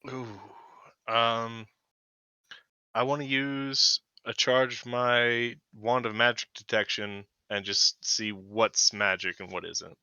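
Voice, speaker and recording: A man plays a tabletop game, chatting casually and leaning on 'like' as he thinks aloud. His voice is bright and mid-pitched. The recording is dry and lo-fi. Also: fairly even intonation, takes it slowly, clear, resonant tone, no echo. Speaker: player.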